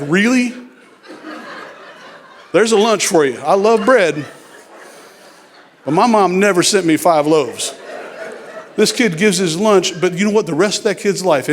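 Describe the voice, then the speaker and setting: A man preaching a sermon as a guest speaker in a church, joking and animated, then hushed and earnest in prayer. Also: sits high, slight background noise. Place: church sanctuary. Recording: clear music in background.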